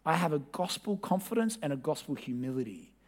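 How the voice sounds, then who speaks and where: A man preaching a sermon as pastor, talking conversationally and directly to his congregation, sometimes pressing hard and sometimes dropping to a hush. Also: on the high side, big pitch swings, brisk.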